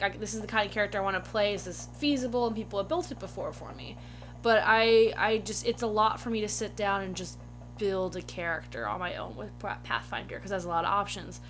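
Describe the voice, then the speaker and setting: A woman in casual chat about a tabletop game she plays, talking in quick restarts. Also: mid-range voice, fairly bright tone, a little hiss or hum. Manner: chatty, self-correcting restarts. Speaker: player.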